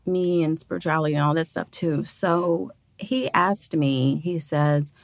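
A young woman, a guest, casually telling a story in an animated way. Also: low-pitched, measured pace, no echo. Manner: animated, acts out others' voices in anecdotes. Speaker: podcast guest, actress and mother.

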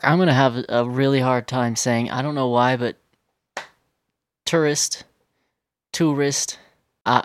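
A man's voice: medium pitch, no room sound, studio quality. A man hosting his own podcast, ranting in a crude, exasperated way and swearing constantly. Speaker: podcast host. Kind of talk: profane comedic rant.

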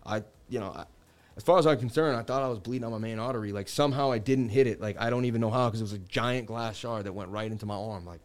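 This fast-talking man has a fairly low pitch. He's a crypto stream host in his thirties from around Boston, rambling through stories on a casual livestream with plenty of "like" and "you know, man."

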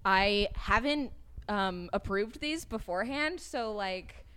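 A young woman co-hosts a casual podcast, a little tipsy. She rambles and giggles often. Her voice sits at an ordinary middle pitch. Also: expressive, slow pace, pushed and bright, clean tone. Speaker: podcast co-host. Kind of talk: casual chat.

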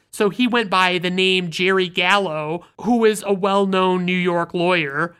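Bright-voiced, foul-mouthed woman reviewer. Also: lowish voice, smooth. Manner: blunt, profanity-laden storytelling. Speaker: film reviewer. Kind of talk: casual film recap.

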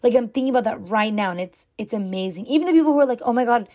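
A woman's voice: a little high, expressive, very fast, a little mellow. A young woman hosting her own podcast, talking to listeners in a gushing, chatty way and filling her sentences with "like". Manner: gushing and chatty, heavy use of "like". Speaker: podcast host. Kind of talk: casual solo podcast chat.

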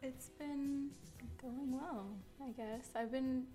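Giggly twenty-something girl co-hosting, highish voice, faint music behind. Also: fairly even intonation, slow, mellow. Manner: giggly, chatty, trailing off. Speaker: podcast co-host. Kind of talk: casual chat.

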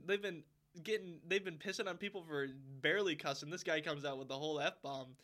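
A young man co-hosting a podcast in casual chat, rambling with lots of fillers and getting loud when excited. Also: fairly high pitch, a little fast, slight background noise. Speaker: podcast co-host.

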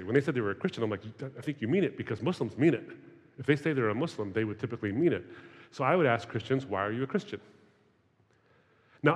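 Man, forties, wry storyteller, mid-pitched voice, long hall reverb. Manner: conversational storytelling with wry humor. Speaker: speaker. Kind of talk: talk to students. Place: large hall.

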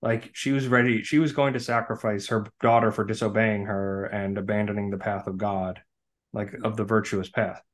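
A man co-hosting a podcast, calmly recapping a film's plot with dry jokes. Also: fairly low pitch, moderate pace. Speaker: podcast co-host. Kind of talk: casual film discussion.

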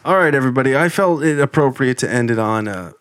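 A man hosting a casual comedy podcast, with lively, swinging pitch. He jokes, swears freely and laughs easily. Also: quick pace, dry recording. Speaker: podcast host. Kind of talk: casual chat.

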